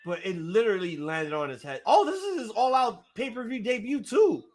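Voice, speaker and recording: A man hosting a live wrestling watch-along, reacting with excitable, profanity-laced outbursts while his voice gets strained. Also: sits high, brisk. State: voice getting strained.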